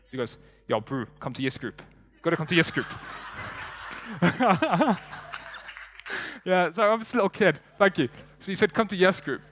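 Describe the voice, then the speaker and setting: A man's voice: mid-range voice, fairly bright tone. A man giving a live motivational talk to an audience, earnest and firing off rhetorical questions. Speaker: motivational speaker. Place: stage in front of a live audience.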